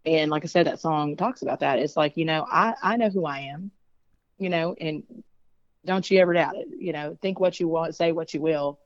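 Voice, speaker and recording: A woman's voice: sits low, moderate pace, no echo, lo-fi sound. A woman singer speaking as an interview guest, chatty and frank, with many fillers. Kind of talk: casual interview talk.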